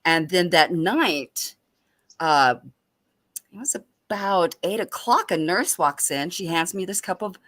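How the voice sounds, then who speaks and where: A woman on an open mic show, telling a personal story in a lively, animated way and often laughing. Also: lowish voice, slow pace, no echo, studio quality.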